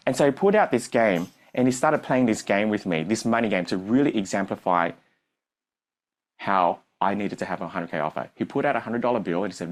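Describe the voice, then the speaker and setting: A man's voice: lowish voice, lively intonation, brisk. A man, a business coach telling a story on stage to a live audience and acting out the dialogue.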